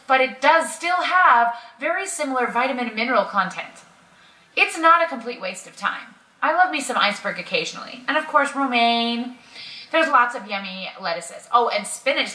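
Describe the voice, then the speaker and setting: Woman, casual instructional vlog, chatty with ums, bright voice, roomy echo from a bit off-mic. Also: a little high, distant mic. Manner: chatty, friendly, frequent ums. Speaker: keto vlogger. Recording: echoey room, a little off-mic.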